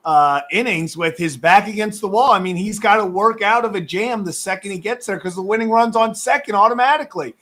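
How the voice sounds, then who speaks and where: A man's voice: high-pitched, a bit bright. Chatty man hosting a sports stream. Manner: chatty, laughs often, rambling restarts. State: says he is losing his voice. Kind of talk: casual live-stream sports chat.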